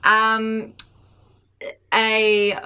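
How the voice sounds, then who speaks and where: A woman's voice: on the high side, monotone, extremely slow, smooth, muffled recording. A woman co-hosting a podcast, chatting casually, rambling and laughing as she loses her words. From Australia. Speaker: podcast co-host. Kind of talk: casual chat.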